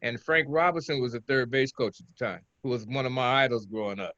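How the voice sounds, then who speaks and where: An older man from Oakland, a former pitcher, telling rambling stories as an interview guest. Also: fast, no echo, highs cut off. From Oakland, California. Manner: relaxed, rambling, chuckles between stories. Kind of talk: casual interview storytelling.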